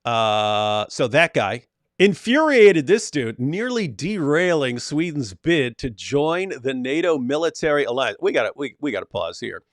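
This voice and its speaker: Male co-host, mid-pitched, wry and playful, reading and riffing on articles, dry mic. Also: very animated, a little slow, no room sound. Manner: joking, reads articles aloud and riffs on them. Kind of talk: casual commentary, reading news aloud.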